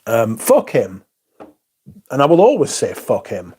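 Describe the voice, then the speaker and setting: A man's voice: medium pitch, huge pitch swings, a little slow, darkish tone, breathy edge. A man hosting a livestream, ranting casually with heavy swearing and rambling asides. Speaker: livestream host.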